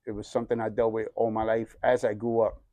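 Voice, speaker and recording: Animated forty-something man telling a story. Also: lowish voice, fast, dry recording. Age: 40s. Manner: animated storyteller, acts out the voices of people in his story; streetwise slang. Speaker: guest sharing his testimony. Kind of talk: casual storytelling.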